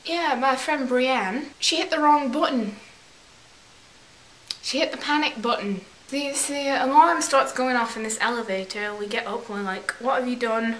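This vlogger's voice sits high and fairly bright at a normal speed. Using a fake English accent, she meanders through a story and does silly voices for the quotes, with echo and faint hiss in the room.

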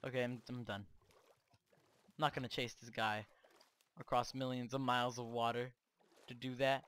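A man hosting Minecraft gameplay commentary on a cheap microphone, excitable and boastful, trash-talking as he plays. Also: mid-range voice, moderate pace, pauses often, smooth. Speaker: gaming channel host.

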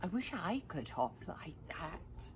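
Grandma doing little boy hare from a storybook, eager, loving, soft, lively pitch. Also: slow pace, slight background noise, full character voice. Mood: wistful whisper. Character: small young male hare, eager and loving.

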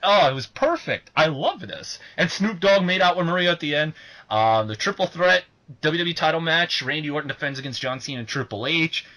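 A young man co-hosting a casual podcast, excitable and swearing freely, who shouts when worked up. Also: on the high side, a little fast. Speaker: podcast co-host.

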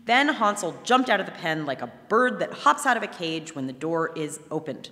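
A woman reads a fairy tale aloud at a live museum event, telling it in an animated way. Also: deep voice, normal speed, hardly any pauses. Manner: animated storytelling. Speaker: reader. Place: museum hall, before an audience. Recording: long hall reverb.

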